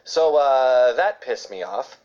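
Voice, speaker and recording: A man's voice: medium pitch, expressive, slow, darkish tone. A man, a father, giving a sarcastic, ranting comedic commentary on an article he reads aloud. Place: New York. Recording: dull lo-fi screen recording.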